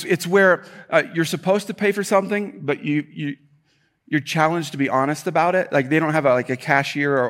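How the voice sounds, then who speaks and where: A man delivering a church sermon, animated and emphatic, repeating key points and slipping into casual, joking asides. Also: a little high. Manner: animated preaching with emphatic repetition and rising intensity; conversational asides and self-deprecating humor. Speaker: pastor.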